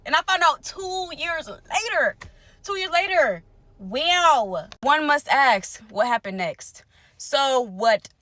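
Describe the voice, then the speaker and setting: A young woman telling a personal story to her viewers in casual, animated speech, repeating phrases for emphasis. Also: high voice, no echo. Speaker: storytime creator.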